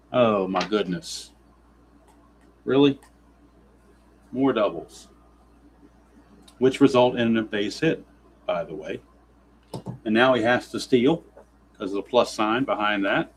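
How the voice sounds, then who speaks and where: A man's voice: lowish voice, slow, pauses often, a little hiss or hum, rough recording. Grumbling man narrating a dice baseball game. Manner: exasperated, sarcastic grumbling about dice rolls. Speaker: tabletop baseball simulation player narrating. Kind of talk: play-by-play style game narration.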